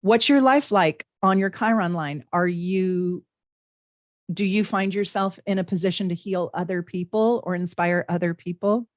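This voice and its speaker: A woman's voice: fairly low pitch, moderate pace, no room sound, clean studio sound. A woman hosting a live-stream tarot reading, chatting in a bubbly way with viewers and reading their comments aloud.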